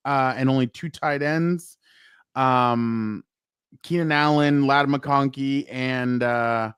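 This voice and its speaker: Smooth-voiced man chatting football. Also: medium pitch, fairly bright tone, no room sound, clean studio sound. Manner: rambling, lots of fillers and laughs. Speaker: podcast co-host. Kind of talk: casual sports chat.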